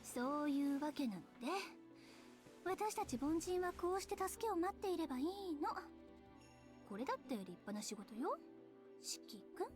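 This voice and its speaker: Playful teacher, visual novel voice, high-pitched, lively, teasing sing-song. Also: female voice, fast, soft background music. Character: playful flirtatious female teacher. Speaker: teacher character.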